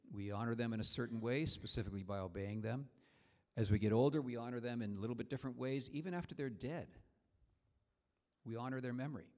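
A man's voice: medium pitch, darkish tone. A man preaching a sermon in a conversational, storytelling way, with frequent restarts.

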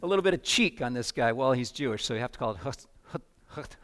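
A man's voice: medium pitch, animated, quick pace. A male pastor giving a sermon in a conversational way, often stumbling over repeated words. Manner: conversational preaching with dramatic readings and frequent repeated words.

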